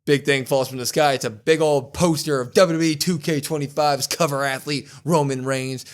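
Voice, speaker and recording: A man's voice: on the high side, moderate pace. Man animatedly recapping wrestling. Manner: animated storytelling, quotes wrestlers. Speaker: podcast co-host. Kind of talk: casual wrestling recap chat.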